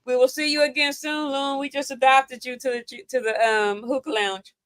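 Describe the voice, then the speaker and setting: A woman from New York hosting a casual chat show, chatty and quick to laugh. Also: high voice, fairly even intonation, a bit bright, smooth, no room sound. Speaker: show host.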